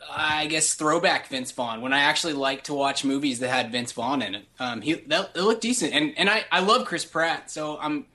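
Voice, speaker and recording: A man's voice: on the high side, animated, normal speed, hardly any pauses, sharp tone. A man co-hosting a podcast in casual movie chat, rambling with many restarts. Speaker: podcast co-host.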